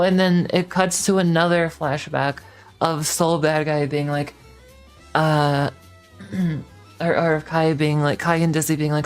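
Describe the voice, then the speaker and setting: A woman's voice: sits low, flat delivery, a little slow, smooth, soft background music. A young woman streaming casually, rambling and swearing in exasperation as she recaps a story.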